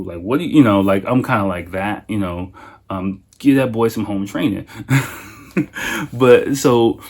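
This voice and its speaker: Lively, swearing man hosting a podcast. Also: on the low side, unhurried. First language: English. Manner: animated storyteller, swears freely, laughs often. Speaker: podcast host. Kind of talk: casual solo podcast chat.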